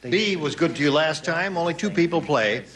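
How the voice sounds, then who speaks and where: A man's voice: fairly high pitch, animated, normal speed, fairly bright tone. A man hosting a game show, joking with panelists and reading question prompts aloud.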